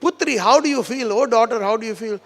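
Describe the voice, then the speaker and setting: A man's voice: very high voice, quick pace, in a large hall. A man voicing an anxious older mother-in-law who fires off repeated urgent questions.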